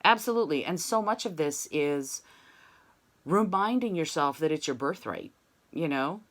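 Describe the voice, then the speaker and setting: A woman's voice: low-pitched, lively intonation, moderate pace. A woman voice teacher giving a one-on-one singing lesson, talking in an encouraging, reflective way with frequent "you know"s.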